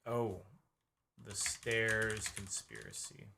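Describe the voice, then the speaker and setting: A man's voice: fairly low pitch, fairly even intonation, very slow, creaky, noisy background. A man co-hosting a casual video-reaction chat, rambling and hesitant, often trailing off mid-thought.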